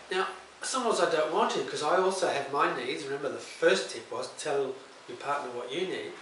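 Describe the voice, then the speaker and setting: A man's voice: on the high side, a bit bright. A middle-aged man, a counsellor and psychotherapist, talks plainly and conversationally in a direct-to-camera advice talk and acts out short example dialogues. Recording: roomy echo, mic at a distance, faint hiss.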